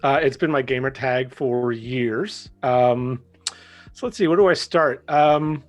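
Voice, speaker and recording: A man's voice: medium pitch, unhurried. A man in his forties, a guest on a talk stream, chatting in an easygoing, self-deprecating way. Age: 40s. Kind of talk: casual interview chat.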